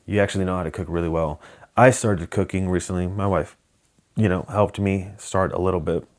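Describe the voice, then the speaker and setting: Low-voiced man rambling on a solo podcast. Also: steady tone, brisk, darkish tone. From Southern California. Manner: rambling and hesitant, with many ums and restarts. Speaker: podcast host. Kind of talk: casual solo podcast chat.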